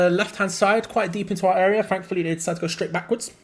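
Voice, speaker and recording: A young man hosting a live football watch-along, mixing quick play-by-play with rambling chat and sudden excited outbursts. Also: sits high. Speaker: fan channel co-host.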